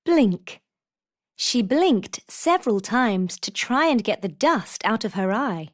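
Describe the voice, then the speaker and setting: A woman reading vocabulary examples for a textbook in a clear, deliberate manner. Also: fairly high pitch, very animated. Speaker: textbook audio reader.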